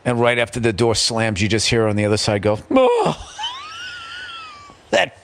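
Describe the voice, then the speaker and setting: A middle-aged man hosting a podcast, telling a story in a casual, profane, animated way and slipping into quick impressions. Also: lowish voice, slight background noise. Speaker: podcast host.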